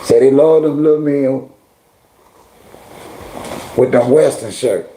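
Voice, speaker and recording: A man's voice: mid-range voice, slow pace, dark tone, slight background noise. A middle-aged man hosting a casual livestream, talking straight to his viewers and chat in heavy slang and scolding them. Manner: heavy slang, drawling repetitions. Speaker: livestream host.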